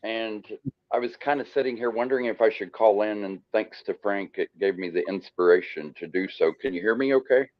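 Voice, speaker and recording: A man's voice: on the low side, fairly quick, lo-fi sound. A man from Indiana calling in to a podcast, polite and friendly though a little hesitant. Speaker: caller. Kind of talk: call-in discussion.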